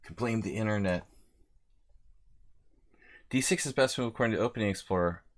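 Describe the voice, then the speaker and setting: During a live chess simul, a streamer who lives in Hungary rambles between moves and calls out viewers' names in casual commentary. His voice is fairly low, and he talks fairly quickly.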